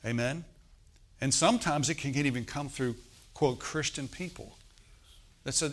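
Energetic male pastor preaching. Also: medium pitch, normal speed, long pauses. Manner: energetic preaching, calls for congregation response, swings between loud and soft. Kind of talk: sermon.

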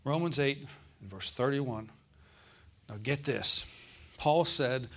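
A man preaching a sermon as pastor, calling out to the congregation and slowing down to stress scripture verses. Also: mid-range voice, fairly bright tone. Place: church.

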